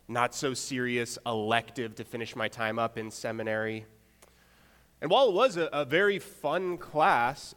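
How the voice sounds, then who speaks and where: Young male preacher in a reverberant hall. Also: mid-range voice. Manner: relaxed, with rhetorical check-ins and wry asides. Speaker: pastor. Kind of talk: conversational sermon.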